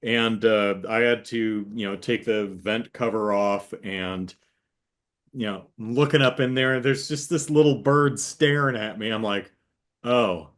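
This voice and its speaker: A man with a lowish voice speaks a little slowly as he hosts a casual chat with his sister. He tells a rambling story and acts out the voices of its characters.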